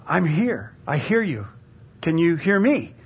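A man voicing God as a calm, patient, quiet presence speaking to a man in trouble. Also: on the high side, a little slow, breathy edge, exaggerated voice.

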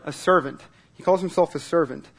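A man preaching a sermon in a relaxed, conversational way at a church service, repeating words as he starts sentences and asking the congregation questions. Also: fairly high pitch, brisk, creaky. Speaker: pastor.

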